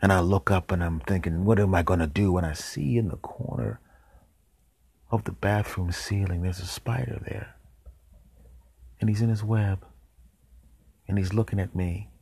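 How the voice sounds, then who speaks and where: A man hosting a podcast, telling a comic story in a deadpan way and dropping into whispered asides. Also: sits low, a little slow, creaky, pauses often, slightly rough, dry recording. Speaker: podcast host.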